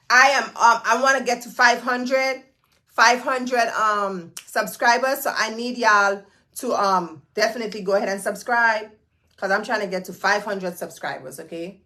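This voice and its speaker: A woman hosts a casual livestream chat. Her voice is bright and a little high, and she coaxes viewers with playful, pleading repetition. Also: moderate pace. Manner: pleading, playful, repeats words. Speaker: host.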